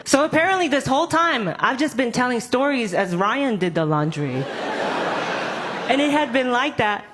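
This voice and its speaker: A young woman doing live stand-up comedy, animated and self-mocking, acting out the people she talks about. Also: fairly high pitch, normal speed. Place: comedy club stage. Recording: live club, loud crowd laughter and noise. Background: loud audience laughter.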